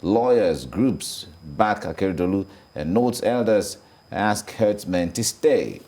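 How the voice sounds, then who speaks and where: A Nigerian-accented man with a very low voice reads out the morning's newspaper headlines. He is measured and deliberate, often repeating each headline a second time. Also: animated, dark tone. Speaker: news presenter. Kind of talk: newspaper review reading headlines.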